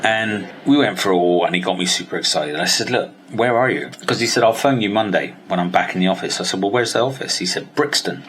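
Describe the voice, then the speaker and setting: Talking fast with hardly any pauses, a weight-loss coach from Somerset, England speaks in a low voice over a little hiss or hum. His personal story is candid and full of swearing. He animatedly performs both sides of each conversation.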